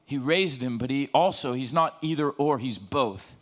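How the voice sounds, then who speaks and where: A middle-aged man gives a casual sermon, retelling scripture in everyday slang with lively jokes. His voice is mid-range and he speaks at a normal speed.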